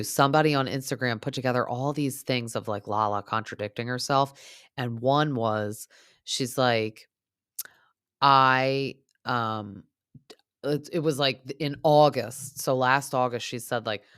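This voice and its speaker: A woman's voice: a bass voice, fairly bright tone, no room sound, studio quality. A young adult woman hosting a podcast, chatting casually and opinionatedly about reality TV, with lots of "like" fillers. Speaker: podcast host. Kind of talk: casual reality TV recap chat.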